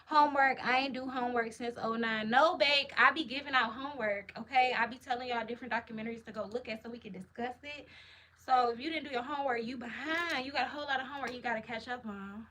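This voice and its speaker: A woman's voice: on the high side, fast talker, bright, forceful tone. A woman hosting a livestream, chatting in a hyped, slangy, casual way while answering comments. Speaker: livestream host.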